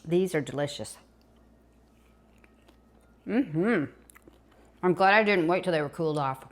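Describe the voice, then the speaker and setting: Older Southern woman, home cook, chatty and folksy, lowish voice. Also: fast. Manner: chatty, folksy, talks while eating. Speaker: home cooking vlogger. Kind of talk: casual cooking demonstration.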